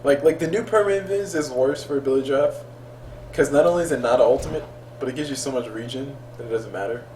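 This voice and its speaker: An excitable man chatting casually while casting a game, laughing often and telling stories with lots of energy. His voice sounds roomy and set back from the microphone, with a faint hum of the room behind him. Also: mid-range voice, fast talker, far from the mic. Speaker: game caster. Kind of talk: casual chat between casters.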